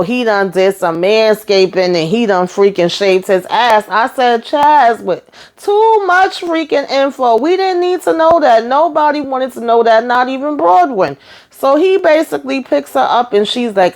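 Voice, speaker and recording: A woman with a lowish voice gives a casual recap of a reality show, talking bluntly and with open exasperation. She speaks in a loose, conversational way and drops in salty slang.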